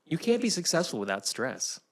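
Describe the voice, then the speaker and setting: A man's voice: on the high side, huge pitch swings, a little fast. Male comic, provocative and emphatic in loose podcast banter. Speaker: stand-up comedian, podcast co-host. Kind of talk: casual chat.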